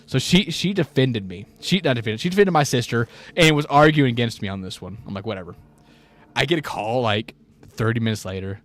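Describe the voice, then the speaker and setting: A man's voice: mid-range voice, lively intonation, a little fast, a bit bright. A young man co-hosting a casual chat, telling a long story in a rambling way with many restarts and acting out the people he quotes. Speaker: podcast co-host.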